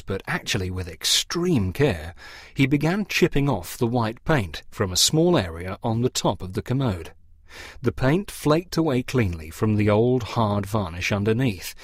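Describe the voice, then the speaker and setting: A man narrating a story as an audiobook in a lively, expressive way. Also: on the low side, slightly rough, dry recording, studio quality.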